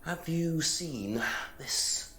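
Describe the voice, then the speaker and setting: A man's voice: on the high side, lively intonation, extremely slow, a bit bright, soft background music, exaggerated voice. A man playing a polite, persistent male detective who questions suspects in a live-action game. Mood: probing.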